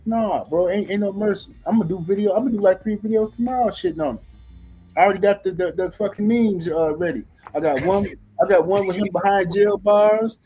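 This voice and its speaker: Podcast co-host, a man with a slightly high voice and loose, profane delivery, faint music behind him. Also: fairly quick, warm tone, poor audio. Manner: loose, filler-heavy, profane. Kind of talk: casual podcast banter.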